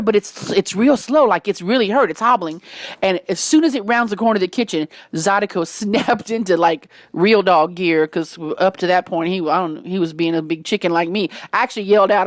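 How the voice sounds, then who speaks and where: A woman's voice: mid-range voice, no echo, studio quality. A woman with a Cajun accent telling a wild home story in casual Southern speech, with sudden shrieks and laughter. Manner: animated, breaks into shrieks and laughter.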